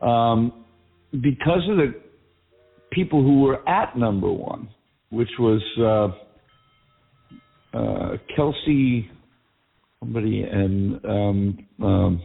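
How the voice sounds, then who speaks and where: A man's voice: medium pitch, drawn-out words, vocal fry, pauses often, slightly rough. A man with a Massachusetts accent, a guest singer-songwriter chatting casually, rambling with lots of fillers. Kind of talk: casual call-in chat. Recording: tinny phone-like line with faint music.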